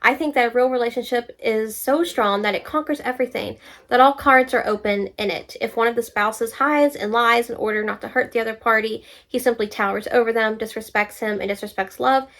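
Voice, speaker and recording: A young woman book vlogger reading reviews aloud and talking back to them in an animated, exasperated way. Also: fairly high pitch, fairly quick. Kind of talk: casual reaction vlog, reading reviews aloud.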